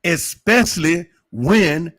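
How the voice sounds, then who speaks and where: A man's voice: on the high side, lively intonation, slow, a bit bright. A man giving an opinionated livestream monologue, preachy and emphatic, firing off rhetorical questions. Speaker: livestream commentator.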